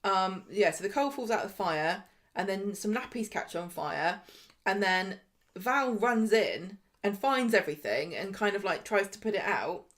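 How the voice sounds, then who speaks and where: A woman's voice: mid-range voice, animated, normal speed. A woman co-hosting a casual chat show, retelling scenes and quoting the characters. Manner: chatty, retells scenes with quoted voices. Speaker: podcast co-host. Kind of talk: casual chat about a TV soap.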